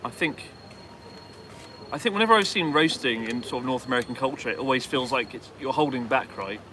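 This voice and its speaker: A British man talks in a bright, sharp tone, trading dry, teasing banter in casual chat. He is outdoors on a city street at night, and faint street noise sits behind him. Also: medium pitch, animated, a little fast. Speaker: guest.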